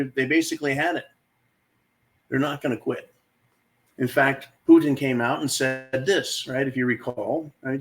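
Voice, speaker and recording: A man's voice: medium pitch, poor audio. A man hosting his own channel, talking to viewers in an exasperated, emphatic opinion monologue and often calling them folks. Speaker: channel host.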